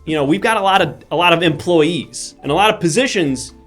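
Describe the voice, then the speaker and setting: A man's voice: on the high side, lively intonation, brisk, a bit bright, soft background music. A man playing a rambling male corporate hiring manager in improvised live comedy, chatty and often restarting his sentences. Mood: chummy. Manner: chatty, rambling, self-interrupting. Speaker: comedy character host.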